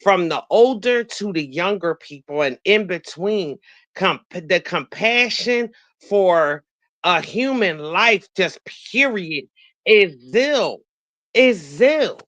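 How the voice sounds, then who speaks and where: A woman's voice: fairly low pitch, expressive, slow, a bit bright, dry recording, dull audio. A middle-aged woman telling stories on a video call, indignant and preachy about how people behave. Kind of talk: casual live-stream chat.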